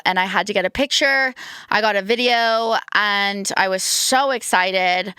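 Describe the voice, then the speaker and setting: A woman's voice: medium pitch, moderate pace, bright, forceful tone, clear, resonant tone, no echo, clean studio sound. A woman hosting a podcast, talking in a rambling, playful, self-deprecating comic monologue while slightly losing her voice. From United States. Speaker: podcast host. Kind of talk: casual comedic monologue.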